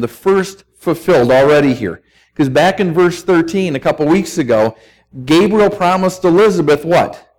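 A middle-aged male pastor preaching a sermon, telling folksy stories and hammering points with emphatic repetition. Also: on the high side.

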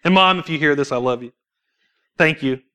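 Animated preaching man, slightly high voice. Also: a little fast, clear, resonant tone. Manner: animated storytelling with rhetorical questions; laughs between points. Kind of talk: sermon. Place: church.

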